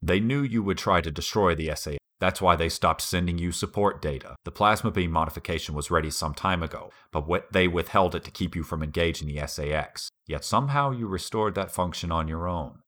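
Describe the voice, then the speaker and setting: A man reading the lines of a calm male starship computer in a casual table read, without any robot effect. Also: sits low, a little fast, hardly any pauses.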